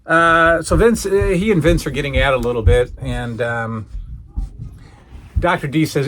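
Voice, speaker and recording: A man hosting a casual solo recap, telling the story in an animated way and acting out the quoted lines. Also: a little high, a little slow. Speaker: podcast host reviewing old wrestling shows.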